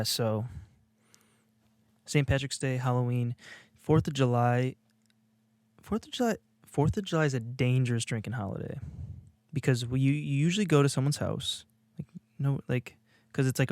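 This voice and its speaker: A slightly mellow, mid-range male voice with no echo comes through a video podcast studio mic. The speaker, an Illinois native co-hosting a casual podcast, drifts through his thoughts with frequent fillers and restarts.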